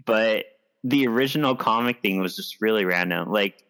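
Male co-host, lowish voice, relaxed and thoughtful. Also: normal speed, creaky, smooth. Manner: thoughtful, explains his views with many "like"s. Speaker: podcast co-host. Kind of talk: casual movie discussion.

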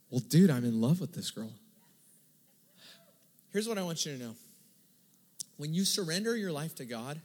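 Higher-voiced guy preaching a sermon, chatty storytelling, long reverb from the hall. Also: moderate pace, pauses often. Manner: conversational, animated retelling with quoted dialogue. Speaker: pastor.

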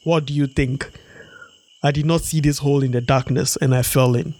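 A man doing a gruff trapped leopard. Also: mid-range voice, steady tone, normal speed, a little mellow, close to an everyday voice. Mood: impatient. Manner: gruff and impatient. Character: growling trapped male leopard. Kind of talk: storybook read-aloud.

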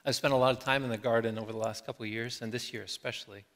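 A middle-aged man preaching a sermon as a pastor, reflective, slowing down and letting his phrases trail off softly. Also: mid-range voice, steady tone. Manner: reflective, slow with soft trailing endings. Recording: long hall reverb.

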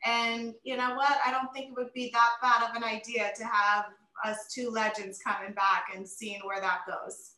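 Woman, forties, bright voice, fairly high, animated storyteller, roomy echo. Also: moderate pace, hardly any pauses. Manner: animated, emotional storytelling with many fillers. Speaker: interview guest, retired wrestler. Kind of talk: casual interview chat.

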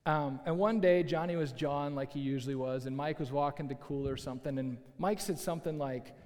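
A man preaching a sermon as a pastor, telling a story in a lively, conversational way with asides to the listeners. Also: fairly high pitch, fairly quick. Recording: long hall reverb.

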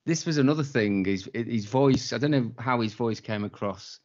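A man's voice: medium pitch, moderate pace, darkish tone. Laid-back man, wry chat. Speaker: podcast co-host. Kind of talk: casual chat. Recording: dull lo-fi sound.

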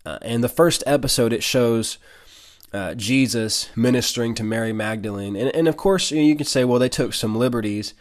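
A man's voice: mid-range voice, brisk. A man hosting a podcast, explaining Bible passages in an earnest way and reading verses aloud with rising emphasis. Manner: earnest, repeats words at starts, reads verses with rising emphasis. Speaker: podcast host teaching scripture. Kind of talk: casual Bible teaching with scripture reading.

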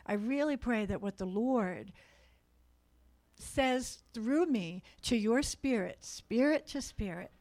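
Woman preacher, sermon to a room, earnest and exhorting, medium pitch. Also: a little mellow. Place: church meeting room.

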